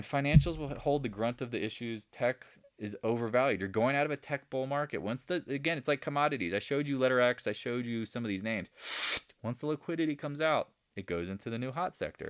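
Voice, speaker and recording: A man hosting a live market chat, excitably answering viewer questions and talking straight to his viewers. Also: medium pitch, fast. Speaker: trading channel host.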